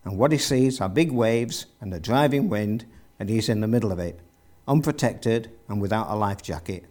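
A man's voice: on the low side, normal speed, darkish tone. A man preaching a sermon, retelling a story with vivid narration and rhetorical questions to the congregation.

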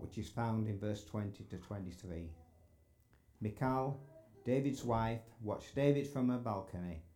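A man's voice: on the low side, mellow. A man preaching a sermon in a church sanctuary, earnest and building to emphatic exclamations.

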